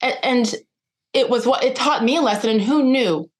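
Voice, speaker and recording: A middle-aged woman speaking as a podcast guest, telling a personal story with lively, acted-out dialogue. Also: a little high, normal speed. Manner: animated, acts out quoted dialogue.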